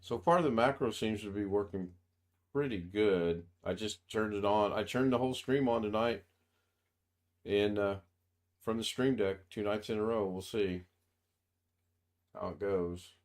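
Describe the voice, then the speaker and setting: Male host, American, low voice, wry storyteller, casual home stream. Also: unhurried, pauses often. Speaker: livestream host. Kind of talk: casual chat.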